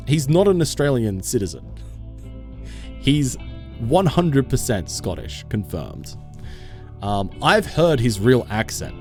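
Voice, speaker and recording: A man's voice: mid-range voice, sing-song, unhurried, darkish tone, faint music behind. A man streaming a game live, chatting casually with his viewers and laughing often.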